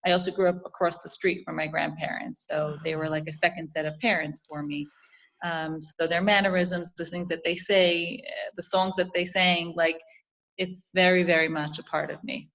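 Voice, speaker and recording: Brooklyn woman, New York accent, lowish voice, animated storyteller, guest interview. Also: moderate pace, poor audio. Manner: animated storytelling, frequent restarts. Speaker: guest, jewelry designer. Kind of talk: casual interview.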